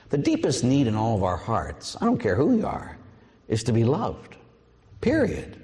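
A middle-aged man, a priest, preaching a sermon with lively storytelling and acted-out voices. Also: medium pitch, in a large hall. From Pittsburgh, USA.

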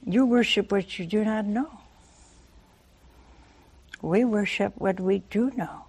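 An older woman preaching a sermon, telling a Bible story with lively rhetorical questions and acted-out dialogue. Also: mid-range voice, takes it slowly, pauses often, breathy edge.

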